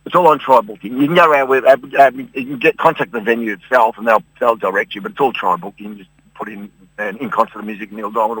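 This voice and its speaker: An Australian man talking fast in a bright, husky voice. He rambles and restarts his sentences as a radio guest. The sound is dry and close. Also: mid-range voice, no echo, poor audio. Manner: rambling, restarts often, chuckles. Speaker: guest singer. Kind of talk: phone-in radio interview.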